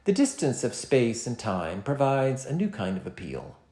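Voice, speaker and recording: Man, literature lecture, lively intonation, roomy echo. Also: mid-range voice. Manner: measured, expressive reading with dramatic poetry recitals. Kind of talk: scripted lecture narration.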